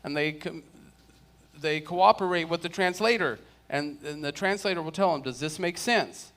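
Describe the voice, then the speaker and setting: A man with a slightly high voice teaches a relaxed church Bible class. He chats easily and jokes with the people in the room. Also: normal speed. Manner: chatty, joking with the class.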